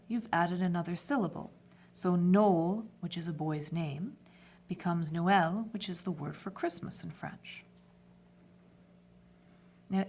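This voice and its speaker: Female teacher, lowish voice, patient instructional delivery mixing English and French terms. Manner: clear, step-by-step instruction. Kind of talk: classroom lesson.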